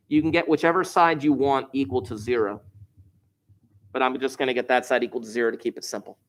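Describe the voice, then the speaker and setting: A man teaching a math lesson to a class, explaining step by step with wry, joking asides. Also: medium pitch.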